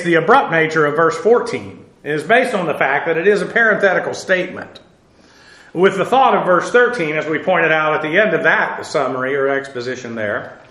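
A man teaching a Bible study on the Greek text, speaking haltingly with many fillers and spelling out words letter by letter, in a classroom. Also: a little high, a bit bright. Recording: echoey room.

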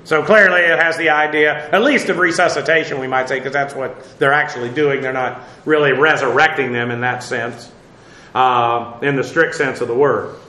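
A man's voice: medium pitch, steady tone, normal speed, pushed and bright, roomy sound, poor audio. A man teaching a verse-by-verse Bible lesson in a conversational way, with many fillers and wry asides.

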